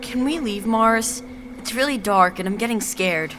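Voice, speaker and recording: A performer voicing a timid, easily scared young girl in an audio drama, speaking softly. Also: mid-range voice, animated, normal speed, slight background noise, lightly acted.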